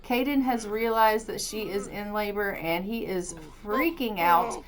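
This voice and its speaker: A woman's voice: medium pitch, unhurried. Woman, let's-play host, casual game commentary, chatty, upbeat. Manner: chatty, upbeat, narrates what she does in the game.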